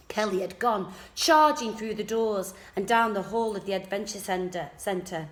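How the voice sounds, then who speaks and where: Teacher reading a story softly. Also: female voice, medium pitch, a little slow, hardly any pauses. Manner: soft, quiet first-person narration. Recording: echoey room.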